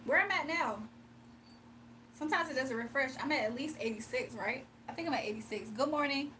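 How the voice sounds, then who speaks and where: High-voiced playful woman livestreaming. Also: brisk, bright, forceful tone, distant mic, a little hiss or hum. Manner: playful, teasing, laughs often, mimics commenters in a deep voice. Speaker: livestream host. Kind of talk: casual livestream chat, reading comments.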